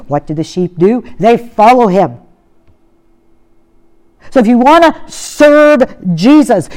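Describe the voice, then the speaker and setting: A woman preaching a sermon in an earnest way. She poses rhetorical questions and often sinks to a soft tone. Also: on the high side.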